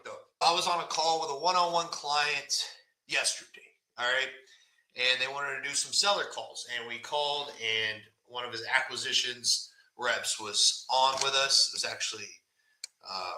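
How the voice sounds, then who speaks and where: A straight-talking man hosts a live podcast session in a loose coaching manner. His voice is very bright and forceful. It rings around a roomy, echoey space. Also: mid-range voice. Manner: blunt, fast, animated, says "right?" often. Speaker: podcast host. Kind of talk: casual live-stream coaching talk. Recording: echoey room.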